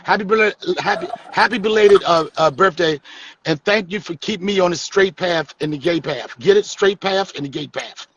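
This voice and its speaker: A man's voice: high voice, normal speed, a bit bright, rough recording. A man hosting a live stream, joking and teasing his guests in casual, profane comedic chat.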